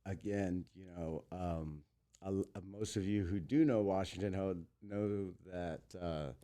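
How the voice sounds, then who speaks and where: A man in his thirties tells stories as a guest in a casual interview, animated and fond of acting out what people said. His voice sits low, with a dark, mellow tone. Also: a little slow. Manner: animated, acts out quotes in big voices. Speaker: guest, entertainer.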